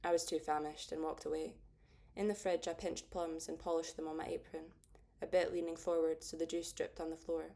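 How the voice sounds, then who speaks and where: A woman narrating a first-person audiobook in a steady, understated way. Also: deep voice, a little fast.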